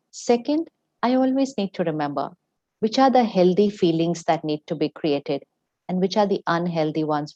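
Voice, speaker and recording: A woman with a lower voice gives a spiritual talk, driving her points home and repeating key phrases in an instructive way. The sound is dull and lo-fi. The voice sits dry, with no room around it. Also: a little mellow, no echo. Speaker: spiritual teacher.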